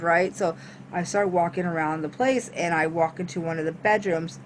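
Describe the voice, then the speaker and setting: A woman vlogger telling a storytime tale. She is animated and swears freely, acting out her own reactions as she goes. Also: fairly low pitch, normal speed, a little hiss or hum. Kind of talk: storytime monologue.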